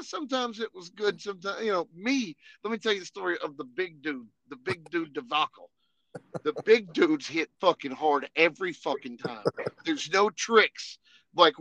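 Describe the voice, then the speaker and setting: A man co-hosting a podcast, telling animated, profane, laughing war stories in casual chat. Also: high voice, gravelly, no echo, low-quality recording. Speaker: podcast co-host.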